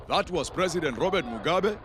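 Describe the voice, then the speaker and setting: A man's voice: fairly high pitch, lively intonation, fairly quick, background noise, natural voice. A man playing a formal, earnest news anchor who interviews guests and keeps cutting in.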